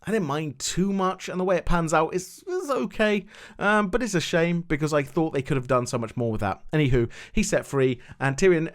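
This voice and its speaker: A man rambling through a TV episode recap, animated and swearing freely with lots of "anywho"s. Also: a little high. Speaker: YouTube TV reviewer.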